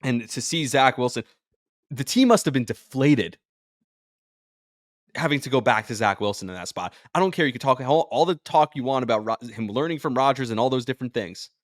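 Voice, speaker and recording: A man's voice: mid-range voice, brisk, no room sound. Drained, emotional man in a dry room. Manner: emotional, rambling, jumps between thoughts. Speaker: podcast host and sports radio personality. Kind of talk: emotional sports podcast monologue.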